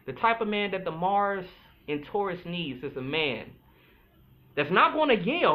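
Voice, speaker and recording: Animated man on a tinny line. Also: sits high. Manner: animated, chatty, playful, drawls some words slowly. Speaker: podcast host, astrologer. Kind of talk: casual solo talk. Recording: tinny phone-like sound with faint music.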